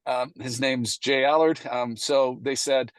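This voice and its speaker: Middle-aged man, mid-pitched, loose anecdotal delivery, dry close sound. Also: steady tone, unhurried, no echo. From Canada. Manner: anecdotal, acts out past dialogue, frequent fillers. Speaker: presenter at a committee meeting. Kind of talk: casual storytelling presentation.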